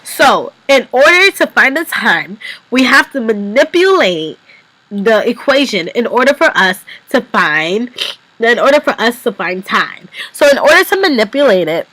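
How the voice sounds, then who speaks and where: Young woman, stuffy nasal cold voice, methodical homework explainer, lively high pitch. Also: a little slow, no room sound, low-quality recording. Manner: methodical, repeats steps. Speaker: student explaining a physics problem. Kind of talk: step-by-step homework walkthrough.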